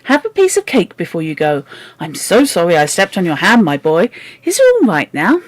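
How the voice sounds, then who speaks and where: A woman's voice: big pitch swings, moderate pace, dry recording. A woman voicing a cross middle-aged lady who scolds shrilly and later gushes kindly. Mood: sweetly kind. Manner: shrill scolding, then gushing.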